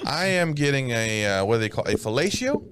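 Profane, animated young-sounding man chatting. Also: mid-range voice, a little fast, over music. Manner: crude, profane, laughing storyteller; lively, animated delivery. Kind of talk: casual chat.

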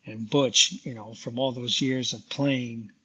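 Husky, bright-toned rambling storyteller man. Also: medium pitch, fairly even intonation, measured pace. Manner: rambling, many "you know" fillers, laughs often. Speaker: guest musician. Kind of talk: casual interview storytelling.

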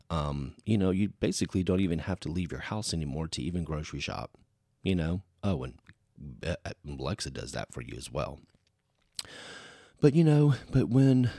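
A man's voice: extremely low pitch, a little mellow, no echo, clean studio sound. A man hosting a solo podcast, talking in a rambling, chatty way that is full of "you know". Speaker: podcast host. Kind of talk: casual solo podcast chat.

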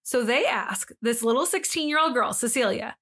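A woman's voice: fairly high pitch, lively intonation, moderate pace, fairly bright tone, breathy edge. A young woman co-hosting a true-crime podcast, telling the story casually with sarcastic asides and acting out what people said. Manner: sarcastic, acts out quotes in different voices. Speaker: podcast co-host.

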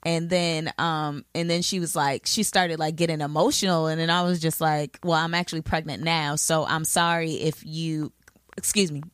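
A woman's voice: deep voice, steady tone, moderate pace, fairly bright tone, clear, resonant tone, no room sound, studio quality. A woman co-hosting a podcast, talking loosely and candidly with lots of fillers and some swearing. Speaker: podcast co-host. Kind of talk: casual chat.

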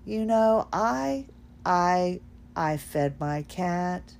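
A woman putting on the voice of an older woman who talks slowly and hesitantly, in a soft, low-energy way. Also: animated, creaky, exaggerated voice. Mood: weary. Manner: slow, hesitant, soft-spoken.

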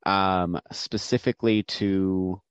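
A man narrating as game master for a tabletop game, measured and descriptive with occasional fillers. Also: low voice, steady tone, clean tone, dry recording. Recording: dull dry lo-fi sound.

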